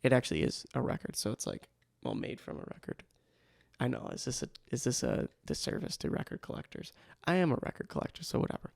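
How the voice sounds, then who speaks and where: Young male podcast host, self-mocking and rambling; gravelly, dry close mic. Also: mid-range voice, wildly swooping pitch, fast, a little mellow, no room sound. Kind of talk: casual solo podcast talk. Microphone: studio microphone.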